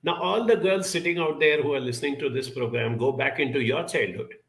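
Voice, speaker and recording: A middle-aged man talks earnestly to his listeners, with a bright, forceful voice. He tells his story and draws a lesson from it. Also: medium pitch, a little fast. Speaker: speaker. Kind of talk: reflective talk with a personal story.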